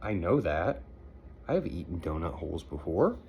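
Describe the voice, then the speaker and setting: A man voicing a polite, calm young boy from a storybook in a plain, matter-of-fact way. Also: low-pitched, moderate pace, creaky, highs cut off, slight background noise, pitched below the performer's own voice, heavily acted.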